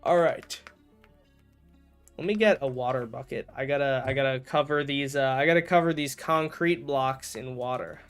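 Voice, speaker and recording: A man with a mid-range, clear, resonant voice chats casually at a moderate pace while livestreaming a game, with faint music behind him. He rambles and corrects himself as he goes, throwing in jokey mock outrage.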